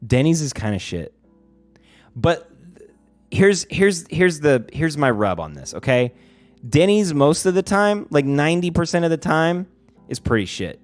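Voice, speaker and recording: A man's voice: a little high, big pitch swings, unhurried, soft background music. A man streaming casually, rambling and swearing, with a lot of "like" and restarts. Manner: rambling and profane, heavy use of "like". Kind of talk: casual livestream chat.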